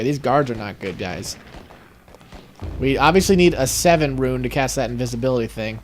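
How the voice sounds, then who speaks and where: A man's voice: mid-range voice, animated, moderate pace, a little hiss or hum. A man casually commenting on a video game and reading its text aloud, with dry, offhand remarks. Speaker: let's play co-host.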